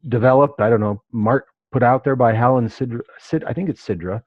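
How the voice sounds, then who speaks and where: A man's voice: medium pitch, a little fast, dry recording. A man leading a class discussion, who acts out the inner voices he quotes. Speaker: class teacher. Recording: dull dry lo-fi recording.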